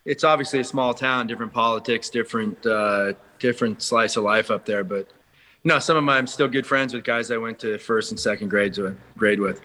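A man from rural America, chatting as a guest on a podcast and often pausing with restarts. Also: fairly low pitch, bright, forceful tone. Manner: halting, many restarts and fillers. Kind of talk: casual chat.

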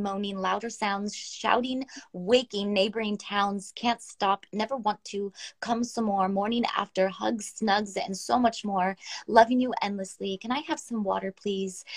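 A young woman co-hosting a casual podcast who laughs easily, swears freely and reads poetry aloud. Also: medium pitch. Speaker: podcast co-host. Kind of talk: casual chat and poetry reading.

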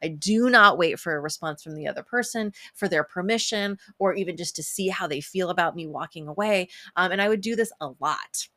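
A woman's voice: fairly low pitch, brisk, few pauses, bright, forceful tone, no room sound. A woman giving brash, profane self-help advice in a casual monologue, laughing often and quoting others in a playful sing-song.

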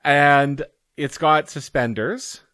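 Young male podcast co-host, fairly high voice, dry sarcastic delivery. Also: slow, bright, forceful tone, no room sound. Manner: exasperated, sarcastic commentary. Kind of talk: casual podcast chat.

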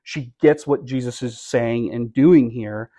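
Middle-aged guy pastor giving a sermon, chatty and wry, mid pitch, gets animated on key points. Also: measured pace. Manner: conversational, ironic, with animated emphasis.

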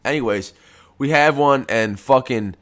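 A man's voice: mid-range voice, a little slow, a bit bright. Congested man, rambling and profane. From United States. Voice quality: rambling, profane, laid-back delivery. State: congested from post-nasal drip. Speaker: podcast host. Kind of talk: casual solo podcast chat. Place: at home.

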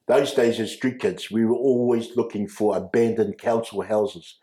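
A man, recounting his life as an interview guest, halting with restarts and frequent chuckles. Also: mid-range voice, dark tone. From New Zealand. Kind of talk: personal storytelling. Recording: echoey room.

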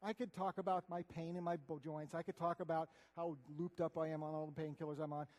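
Guy preaching, pretty high voice, gets loud then goes quiet, big reverby hall. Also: flat delivery, fast talker. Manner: earnest, conversational, swings between loud and hushed. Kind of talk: sermon.

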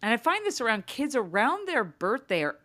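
A woman's voice: on the high side, brisk. A woman in her thirties co-hosting a podcast, telling a story in casual chat and acting out her children's lines. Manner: animated storytelling, acts out her kids' voices. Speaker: podcast co-host.

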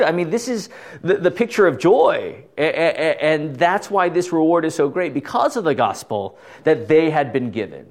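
Leading a casual Bible study at normal speed, a middle-aged man speaks in a slightly high, expressive voice. He talks a lot, poses rhetorical questions, says "right?" often, and stumbles, restarts, and chuckles along the way.

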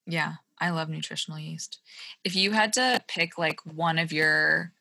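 Gravelly, bright young woman hosting a podcast. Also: low-pitched, unhurried, no echo. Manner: friendly, casual, frequent "like" fillers. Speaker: podcast host. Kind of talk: casual podcast interview.

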